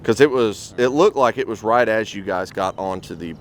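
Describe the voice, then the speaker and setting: A man's voice: on the low side, moderate pace, a little hiss or hum. A male police officer narrating calls and questioning a driver in a laid-back, matter-of-fact way. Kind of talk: casual on-duty narration and questioning.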